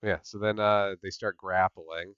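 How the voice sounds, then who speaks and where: A man's voice: low voice, fairly even intonation, measured pace, a bit bright, smooth, dry recording, highs cut off. A man hosting a podcast recap, chatting casually with lots of "like" and "yep" fillers. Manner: filler-heavy, repeats "yep" and "like". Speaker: podcast host.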